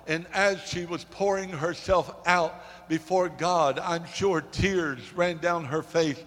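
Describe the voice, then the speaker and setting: Preacher in a reverberant church. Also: male voice, a little high, slow, few pauses. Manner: rising to emphatic peaks, dropping to quiet confessional asides; repeats words in false starts. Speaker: pastor. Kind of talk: sermon.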